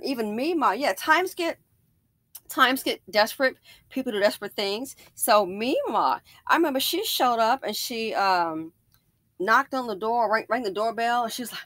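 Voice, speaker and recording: A woman's voice: on the high side, fairly bright tone, dry recording. A woman hosting a casual commentary video, telling stories emphatically and often digressing. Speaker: commentary channel host.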